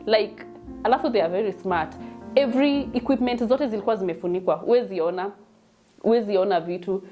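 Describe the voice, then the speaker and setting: A woman's voice: mid-range voice, darkish tone. A young woman with a Kenyan accent telling a personal story in a chatty, emotional way, mixing English and Swahili. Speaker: vlogger telling her birth story.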